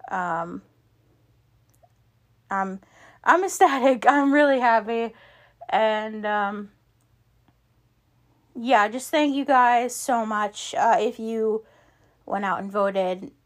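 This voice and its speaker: A young woman hosting a casual solo podcast, rambling with lots of "like" and "um" fillers. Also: mid-range voice. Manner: rambling, filler-heavy, frequent "like" and "um". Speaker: podcast host.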